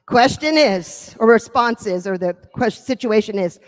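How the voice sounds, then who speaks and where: A woman's voice: on the high side, unhurried, few pauses, in a large hall. A woman presenting a live workshop, energetically coaching participants through role-play. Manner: energetic, encouraging, coaxing.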